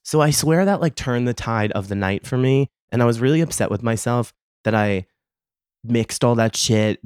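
A man's voice: medium pitch, normal speed, a little mellow, smooth, no echo, studio quality. A man hosting a podcast, telling a confessional story in a casual, profane, self-mocking way and laughing often. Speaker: podcast host.

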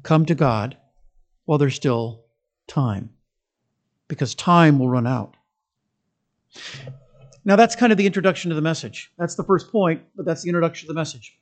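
A male pastor giving a sermon in a church. He is emphatic and conversational, moving between strong stresses, quiet asides and humorous stories. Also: a little high, normal speed, pauses often.

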